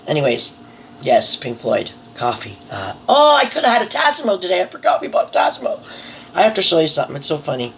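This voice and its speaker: A woman's voice: deep voice, huge pitch swings, brisk, slight background noise, rough recording. A middle-aged woman talking casually to camera at home, telling exasperated stories and breaking into laughing disbelief. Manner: chatty, exasperated storytelling that tips into laughing disbelief. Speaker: vlogger running a small home business. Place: her living room at home.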